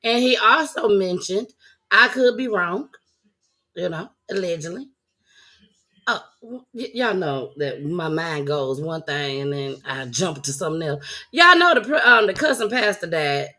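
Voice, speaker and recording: A woman's voice: on the low side, expressive, measured pace, bright, forceful tone. A woman hosting a casual chat show, talking loosely and laughing as she speaks straight to her viewers. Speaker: host.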